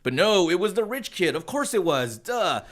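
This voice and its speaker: Man, podcast co-host, profane ranting, bright high voice. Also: sing-song, normal speed. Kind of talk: casual podcast chat.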